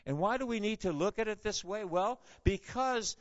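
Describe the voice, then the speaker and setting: Male preacher, high voice, unhurried delivery, fervent rhetorical questions, muffled lo-fi sound. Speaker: pastor. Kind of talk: sermon.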